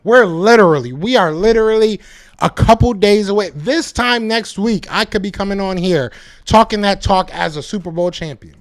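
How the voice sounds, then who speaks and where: A male podcast host talking to his live chat, hyped and emphatic, repeating himself, with a voice that is going hoarse. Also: sits high, moderate pace. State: losing his voice, coughing. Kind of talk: live-stream fan talk to chat.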